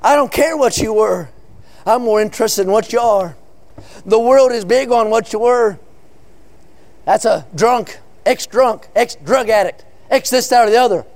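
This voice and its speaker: A man's voice: high voice, moderate pace. A man preaching a fiery revival sermon, thundering and chanting in a rhythmic cadence through long repeated lists.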